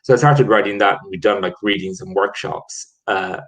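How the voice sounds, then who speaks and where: A man's voice: deep voice, moderate pace, fairly bright tone, rough recording. A man from Ireland, a theatre producer, telling stories in a casual video-call chat with many restarts. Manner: rambling, many restarts and fillers.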